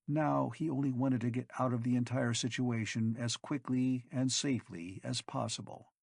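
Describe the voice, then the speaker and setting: Male audiobook narrator, husky, measured delivery, dry booth sound. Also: mid-range voice, steady tone, a little mellow, no room sound. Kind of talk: scripted narration.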